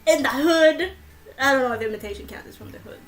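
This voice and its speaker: A young woman chatting through a role-play game with her classmates, giggly and rambling. Her voice sits high. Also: quick pace, faint music behind. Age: young adult. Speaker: game player. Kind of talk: casual role-play chat.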